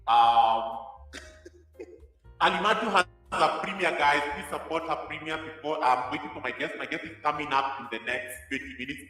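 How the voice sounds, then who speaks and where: A man's voice: a little high, normal speed, bright, forceful tone, faint music behind. A man hosting a livestream through a mic effect with reverb, laughing and welcoming viewers by name. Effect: reverb from a voice-changer mic. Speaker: livestream host. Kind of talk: casual livestream chat. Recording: heavy echo, long reverb effect.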